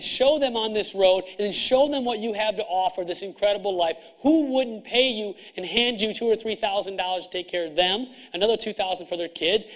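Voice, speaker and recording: A man's voice: high-pitched, muffled recording. A middle-aged man who coaches other chiropractors gives a seminar speech to an audience, blunt and preachy, firing off rhetorical questions.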